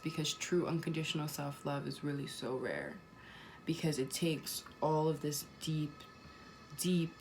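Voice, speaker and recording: Emphatic woman with a lowish voice. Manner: emphatic, repeats phrases, swears casually. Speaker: spiritual vlogger. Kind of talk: casual spiritual monologue.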